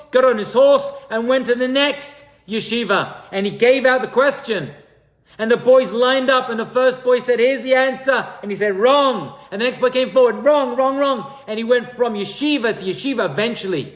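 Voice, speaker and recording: A man, a rabbi, tells a story in a sermon with a notably high voice. He is animated, building to loud bursts and then dropping to hushed lines.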